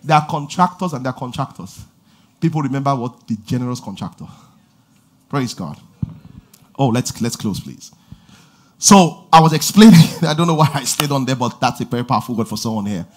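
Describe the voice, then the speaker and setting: A man preaching a lively sermon, shouting call-and-response lines and laughing between stories. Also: medium pitch, fairly quick. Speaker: pastor.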